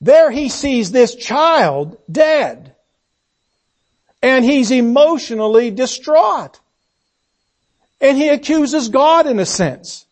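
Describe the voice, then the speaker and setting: A man preaching a sermon. He asks the congregation rhetorical questions and swings between loud emphasis and hushed delivery. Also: extremely high pitch, very animated, slow pace, long pauses.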